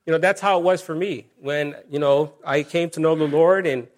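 Pastor with a slightly high voice. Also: male voice, moderate pace. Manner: conversational preaching with asides and scripture reading. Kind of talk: sermon.

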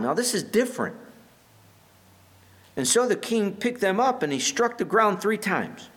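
A man's voice: high voice, animated, unhurried, a bit bright. A pastor giving a conversational sermon in an earnest way, often restarting his phrases.

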